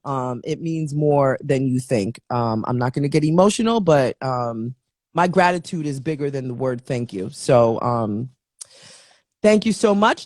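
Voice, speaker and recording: A woman's voice: on the low side, no echo. Woman, show host, chatty, playful, filler-heavy, dry recording. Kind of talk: casual show sign-off.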